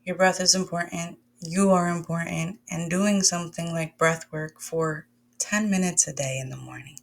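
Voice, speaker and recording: A woman wellness coach leads a guided breathwork lesson, encouraging listeners conversationally and calling them "my loves" and "y'all." Her lowish voice is steady, at a moderate pace, with vocal fry.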